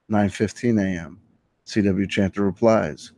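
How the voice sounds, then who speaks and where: Animated man telling a story. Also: on the low side, moderate pace, dry recording. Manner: animated, laughing, acts out quoted exchanges. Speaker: stream host. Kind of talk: casual storytelling with mock readings of tweets.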